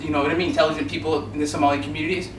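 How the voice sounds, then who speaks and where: A man's voice: on the high side, flat delivery, rapid-fire. A man on a discussion panel giving earnest advice, often restarting his words. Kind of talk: casual panel chat. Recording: roomy, distant mic, noisy.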